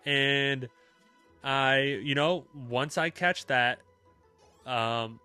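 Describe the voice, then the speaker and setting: Young man, casual stream chat, bright tone, smooth voice, faint music behind. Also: medium pitch, extremely slow. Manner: relaxed and chatty, talks to chat, many fillers.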